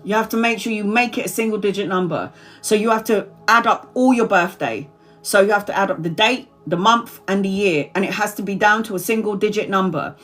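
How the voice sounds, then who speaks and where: A woman's voice: medium pitch, a bit bright. A woman in her forties, a tarot reader chatting casually to subscribers on a livestream, rambling, repeating herself and laughing often. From Brazil. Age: 40s.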